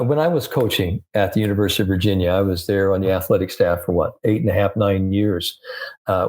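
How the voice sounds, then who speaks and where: A man in his sixties, a sports psychologist, telling stories and anecdotes in a relaxed podcast conversation. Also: on the low side. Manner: storytelling, animated with anecdotes and quotes.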